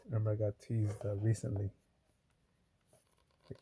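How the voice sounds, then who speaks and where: A man's voice: fairly low pitch, little pitch movement, moderate pace, creaky, long pauses, mellow, a little hiss or hum. A man talking in a loose, meandering way while sorting coins, with lots of fillers and cursing. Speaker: coin roll hunter. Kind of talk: casual rambling vlog talk.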